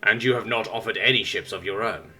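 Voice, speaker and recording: Weary male human ambassador read by a man, sarcastic, firm, bright sharp voice. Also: fairly low pitch, brisk, soft background music.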